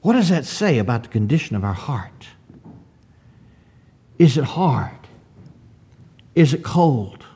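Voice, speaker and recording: A man's voice: mid-range voice, big pitch swings, dark tone, husky. A man preaching a sermon, reading old-fashioned scripture aloud and asking his listeners rhetorical questions. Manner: slow, deliberate preaching with rhetorical questions and swells of emphasis.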